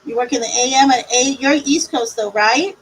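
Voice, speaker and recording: A woman's voice: fairly high pitch, normal speed, a little hiss or hum, poor audio. A middle-aged woman giving live tarot readings on a stream, chatty and reassuring as she talks to viewers. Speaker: tarot reader.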